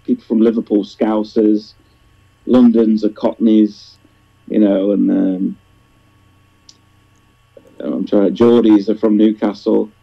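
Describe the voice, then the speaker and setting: A man's voice: on the low side, level tone, slow, gravelly, long pauses. Chatty Northern English man, lo-fi audio. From northern England. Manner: chatty, rambling, friendly. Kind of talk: casual chat. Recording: dull lo-fi audio.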